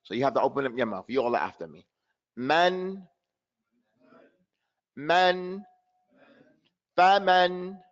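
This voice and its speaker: A man teaching Quran pronunciation in an online class, slowly demonstrating sounds and repeating syllables for his students. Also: medium pitch, lively intonation, breathy edge, highs cut off. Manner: chuckles at his own trick questions.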